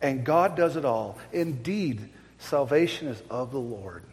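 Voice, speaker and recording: This pastor speaks unhurriedly in a mid-range voice, his sermon echoing through a large hall. Animated storytelling carries his message, and he drives points home by repeating them.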